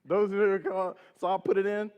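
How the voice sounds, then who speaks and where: A man in his forties telling a personal story on stage in an animated way, laughing at his own tale. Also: sits high, fairly quick, smooth, highs cut off. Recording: long hall reverb.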